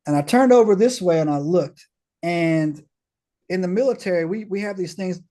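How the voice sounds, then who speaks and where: A man from the United States, a podcast guest telling a story in casual chat, slangy and animated, tossing in "man" and "bro" and acting out what others said. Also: sits high, normal speed. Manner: slangy, peppers talk with "man", "bro", "right?"; animated, acts out others' dialogue.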